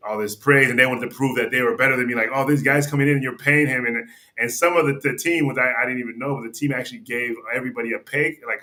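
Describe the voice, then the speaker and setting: Guesting on a podcast, a man whose mid-range voice sounds bright and forceful spins a lengthy, meandering story. He keeps restarting sentences, voices what people said, and fills his casual talk with frequent "like" and "you know."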